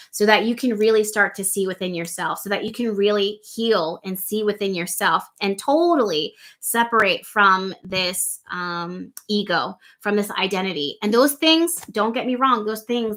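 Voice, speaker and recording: A woman's voice: medium pitch, a bit bright. A woman hosting a live astrology stream, talking casually and asking her viewers lots of rhetorical questions. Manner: conversational, full of rhetorical questions, reads viewer comments.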